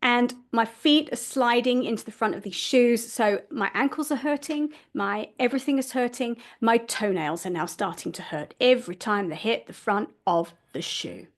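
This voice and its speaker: A woman's voice: fairly high pitch, normal speed, few pauses. Self-mocking woman telling a story. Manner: self-deprecating, laughs at herself. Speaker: podcast host and family constellations facilitator. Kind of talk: storytelling monologue.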